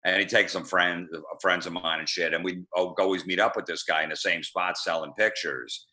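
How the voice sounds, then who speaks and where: A middle-aged man with a lowish voice and a bright, forceful edge tells a story on a podcast. He talks in a profane, deadpan way and slips into the voices of the people he quotes. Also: brisk. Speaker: guest comedian.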